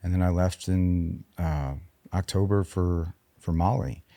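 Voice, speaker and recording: This is a man in his forties with a very deep voice and a warm, dark tone. He is a veteran guest on a podcast, telling his story candidly. He speaks in a halting, subdued way and restarts his sentences often, recorded in a dry, close room. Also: fairly even intonation, no room sound.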